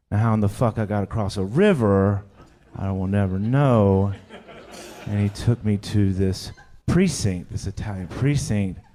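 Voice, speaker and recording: Man, deep voice, stand-up comic, deadpan profane storytelling, live comedy club.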